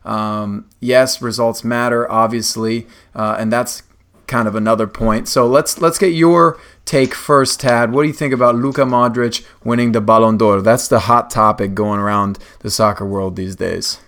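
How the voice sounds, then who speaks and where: A man's voice: on the low side, flat delivery, normal speed, fairly bright tone. A man hosting a casual sports podcast, jokey and upbeat, stretching words for emphasis. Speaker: podcast host.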